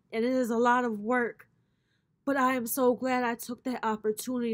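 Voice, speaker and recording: Woman, spiritual reader, blunt, swears freely, preacher-like rhythm, slightly high voice, dry sound. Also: no echo. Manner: blunt, profane, preacher-like cadence. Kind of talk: casual spiritual pep talk to viewers.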